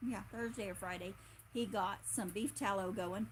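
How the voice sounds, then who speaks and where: A woman's voice: mid-range voice, steady tone, normal speed, a little hiss or hum. A woman hosting a casual homestead livestream, chatting in a rambling way and laughing often. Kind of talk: casual chat.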